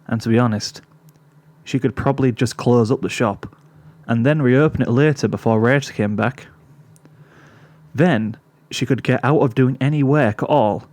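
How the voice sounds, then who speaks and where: A man's voice: mid-range voice, darkish tone, dry recording. Man narrating a pony fan story. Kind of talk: fan fiction reading.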